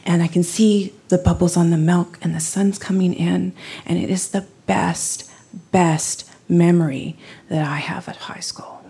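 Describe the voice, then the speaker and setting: A woman's voice: fairly low pitch, measured pace, vocal fry, slightly rough. A woman telling a personal story at a live storytelling night, acting out what people said and laughing often. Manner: animated, acts out quotes, laughs often.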